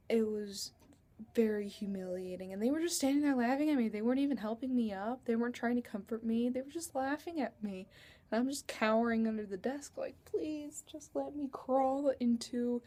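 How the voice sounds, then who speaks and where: A chatty teenage girl rambles through a story for her vlog and giggles as she goes. Her voice is mellow and warm, and it is recorded through a computer webcam. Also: a little high, normal speed. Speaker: vlogger.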